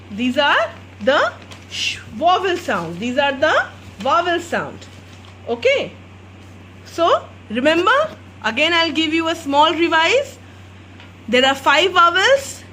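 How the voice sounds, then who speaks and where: Slow sing-song woman teaching phonics. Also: very high-pitched, wildly swooping pitch, bright, forceful tone, slight background noise. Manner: slow, sing-song drilling of letter sounds. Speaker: kindergarten teacher. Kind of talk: phonics lesson for young children.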